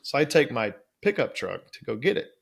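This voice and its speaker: Man, middle-aged, gravelly fry, middle pitch, lively interview storyteller. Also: brisk. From Louisiana, USA. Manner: lively storyteller acting out quoted dialogue. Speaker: guest.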